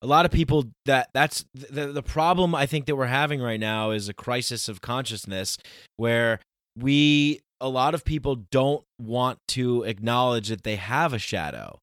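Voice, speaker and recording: A man in casual talk, rambling with many restarts and slowing down to stress his points. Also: medium pitch, a bit bright, dry recording, studio quality. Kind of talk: casual chat.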